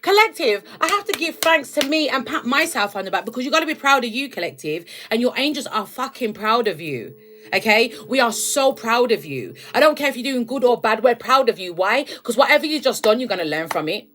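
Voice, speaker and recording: A woman's voice: a little high, sing-song, a little fast, fairly bright tone, faint music behind. A young woman giving a casual, emphatic spiritual rant to her viewers, calling them babes and collective. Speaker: spiritual content creator.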